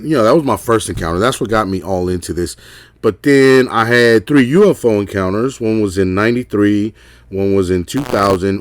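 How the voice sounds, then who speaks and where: Rambling middle-aged man, low voice. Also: no room sound. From Texas. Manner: rambling, filler-heavy, keeps asking "right?". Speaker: caller sharing an encounter. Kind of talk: casual storytelling.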